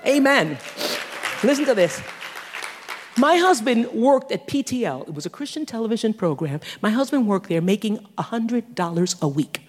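A woman in her sixties preaching a sermon, animated, with teasing asides and laughter. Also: a little high, normal speed, some chatter behind, a little hiss or hum. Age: 60s. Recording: long hall reverb.

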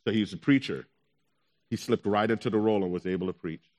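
A young adult man, a pastor, telling his own story in a sermon with animated delivery, acting out his anxious thoughts in quotes. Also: lowish voice, fast. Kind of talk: sermon testimony.

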